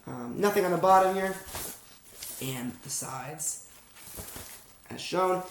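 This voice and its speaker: With a fairly high voice and a slow pace, a young man from the United States talks casually through an unboxing vlog about fragrances, rambling and aware of himself as he addresses viewers. The clip, made at home at night in an echoey room, carries a little hiss or hum.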